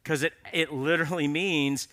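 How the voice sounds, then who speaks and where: A man's voice: on the high side, steady tone, moderate pace, bright, forceful tone. A man preaching a sermon in an earnest, conversational storytelling way, appealing directly to men in the audience.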